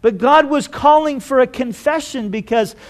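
High-voiced man preaching a conversational sermon. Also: normal speed. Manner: conversational preaching with acted-out quotes. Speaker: pastor.

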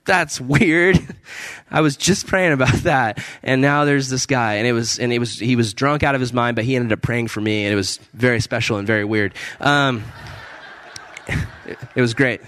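A chatty pastor in his thirties tells a story from the pulpit in an easygoing, animated way. He laughs often and leaps up high when exclaiming. His voice sits at an everyday male pitch and sounds dry and close. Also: no room sound. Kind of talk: storytelling sermon.

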